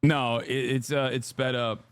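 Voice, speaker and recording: A man's voice: mid-range voice, flat delivery, a little slow, fairly bright tone, clear, resonant tone, no room sound, studio quality. A man commenting on clips during a live stream, wry and joking, with profane asides.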